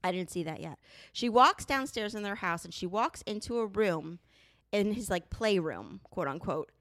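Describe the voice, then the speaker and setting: A woman co-hosting a casual podcast with her partner, talking candidly and profanely, telling stories with animated asides. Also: medium pitch, moderate pace, dry recording, studio quality. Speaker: podcast co-host. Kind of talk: casual couple podcast chat.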